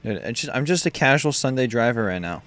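A young man hosting a casual gaming session, joking and trash-talking friends and breaking into loud shouts. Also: medium pitch, expressive, fast. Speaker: gaming YouTuber.

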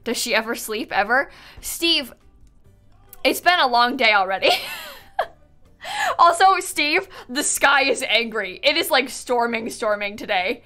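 A woman's voice: fairly high pitch, expressive, measured pace, pushed and bright, soft background music. A woman chatting casually on a live stream, touring viewers' game builds, bubbly and chatty with lots of "like"s, a bit sleepy and yawning.

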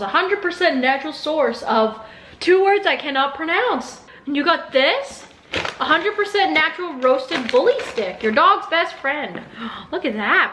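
A woman's voice: sits high, bright, forceful tone, a little hiss or hum. A young woman vlogging casually, bubbly and chatty, cooing in baby talk at her dog. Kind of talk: casual vlog chat.

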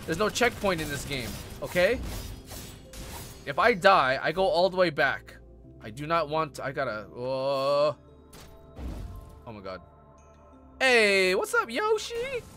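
An excitable man chats with his viewers while he plays a game on a live stream. His bright voice leaps up and down in pitch, jumping from mumbled asides to loud cries, with faint game music behind him. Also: slow, long pauses. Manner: excitable, chatty, loud outbursts then mumbling. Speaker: gaming streamer. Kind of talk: live gameplay stream chat.

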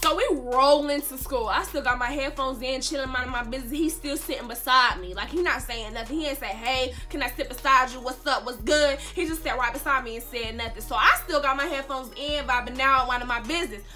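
A woman's voice: high voice, fairly quick, few pauses, sharp tone, soft background music. A young woman vlogger telling a dramatic storytime tale in casual slang, speaking straight to her viewers and repeating lines for emphasis. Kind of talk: storytime vlog.

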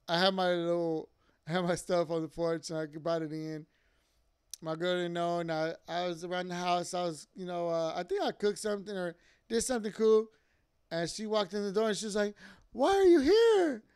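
A young man tells his church testimony in a casual, rambling way, full of fillers and asides. His voice sits high and sounds smooth and clear. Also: steady tone, moderate pace. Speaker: church member giving testimony.

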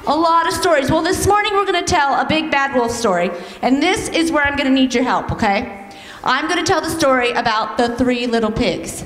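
A woman teaching a children's church lesson, telling a story in an animated, coaxing way and leading the kids in call-and-response. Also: high voice, brisk, slight background noise. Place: church sanctuary. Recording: echoey hall, heard from some distance.

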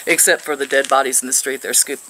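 A woman's voice: very deep voice, fairly even intonation, fast talker, bright, forceful tone, slight background noise, poor audio. An older woman from Missouri, sitting outdoors and chatting to camera as she tells a rambling story with frequent laughs. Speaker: vlogger.

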